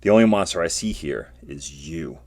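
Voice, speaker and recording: A man's voice: rumbling low, expressive, moderate pace, full character voice. A man voicing an earnest young female alien Jedi student who speaks in a pleading, indignant way while reading a comic aloud.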